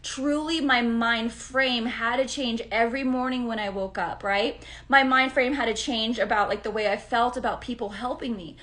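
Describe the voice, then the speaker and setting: A woman with a fairly high voice talks to her live-stream viewers as an astrologer. She chats in a loose, friendly way and keeps checking in with them. She also greets people by name as she goes. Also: fairly even intonation, moderate pace, few pauses, a bit bright.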